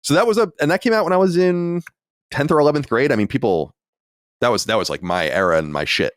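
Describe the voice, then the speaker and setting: A man's voice: mid-range voice, expressive, quick pace, clear, resonant tone, dry recording, clean studio sound. A man in his late thirties or forties hosting a podcast, chatting in a casual, self-deprecating way. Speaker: podcast host. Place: home studio.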